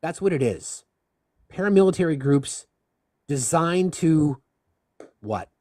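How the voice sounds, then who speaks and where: A man hosting a live discussion stream, speaking with impassioned, rapid-fire rhetorical questions. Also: a little high, animated, a little mellow, no room sound, studio quality. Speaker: livestream host.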